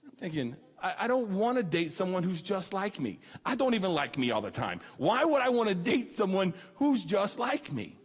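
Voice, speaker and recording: A man's voice: high voice, normal speed, few pauses, breathy edge. A man in his thirties giving a comic youth sermon, acting out the voices in his stories. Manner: animated storyteller, acts out dialogue. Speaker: student ministry speaker. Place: church hall. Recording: long hall reverb.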